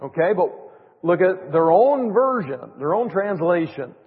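A man's voice: high voice, very animated, measured pace. A man preaching a sermon in an emphatic way, with sarcastic mock quotes. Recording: tinny phone-like audio in a reverberant hall.

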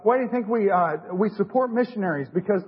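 An excitable male preacher with a very high, husky voice delivers a fervent sermon, circling back again and again to his pet phrases. He speaks from a church sanctuary with a long reverb trailing his words, and the recording sounds dull and lo-fi. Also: fast. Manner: excitable, repeats "hey, listen" and "you know what". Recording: echoey hall, muffled lo-fi recording.

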